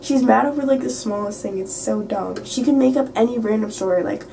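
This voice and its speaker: A teenage girl rambles through a casual storytime, swearing freely, in a fairly high but mellow voice with a gravelly edge. She sits a little back from the mic, with a faint hiss behind her. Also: a little fast, few pauses, distant mic, poor audio. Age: teens. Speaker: vlogger. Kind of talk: casual late-night storytime rant. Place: at home.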